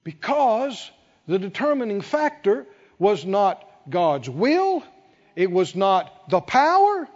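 Preacher, male, very high voice, lively swings, big reverberant hall, dull recording. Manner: emphatic, rhetorical questions, drawn-out stresses. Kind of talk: sermon.

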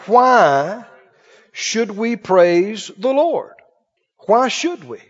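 High, lively folksy preacher in a hall. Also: male voice, extremely slow, some chatter behind. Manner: folksy storytelling, asks the congregation "Right?". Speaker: pastor. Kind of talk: sermon. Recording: dull lo-fi church recording with long reverb.

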